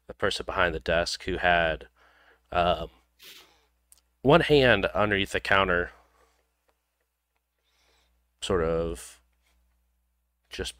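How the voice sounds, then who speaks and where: Game master, male, low smooth voice, unhurried narration full of ums. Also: a bit bright, dry recording. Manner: loose, filler-heavy narration with frequent ums. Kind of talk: narrating a tabletop role-playing game.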